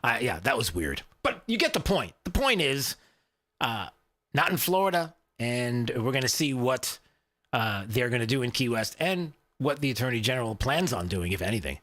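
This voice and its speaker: A man's voice: mid-range voice, fairly bright tone. A man hosting a talk radio show, rambling conversationally with plenty of fillers and restarts.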